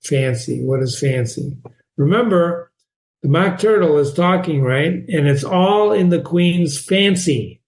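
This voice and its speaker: A man hosts an informal reading lesson, and his voice sits a little higher than most. He goes back over key phrases several times and asks the listener direct questions. The recording has a roomy echo. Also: animated, unhurried, darkish tone. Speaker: reading teacher and host.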